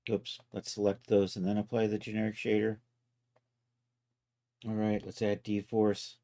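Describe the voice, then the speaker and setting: Lowish-voiced man narrating software steps. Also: monotone, a little slow. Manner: talks himself through each step, loose and self-mocking. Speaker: livestreaming 3D content creator. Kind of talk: casual live software walkthrough.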